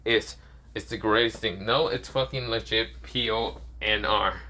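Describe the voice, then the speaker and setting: A man voicing an easygoing adult ninja teacher who gently coaxes a sullen student. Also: lowish voice, steady tone, measured pace. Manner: easygoing, persuasive. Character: laid-back adult male ninja teacher, coaxing.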